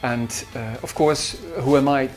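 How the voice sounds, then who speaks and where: A man from the Netherlands with a Dutch accent talks in a mid-range, steady voice that is a little slow and slightly mellow. He is a composer reminiscing about his singers in an interview, hesitant and prone to fillers and restarts, with faint guitar music in the background.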